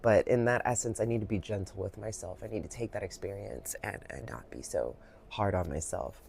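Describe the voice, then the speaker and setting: A woman giving a reflective guided Reiki talk, soft-spoken, heartfelt and rambling, with many fillers, a little emotional. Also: a bass voice, a little fast, vocal fry, a little hiss or hum. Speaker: Reiki practitioner.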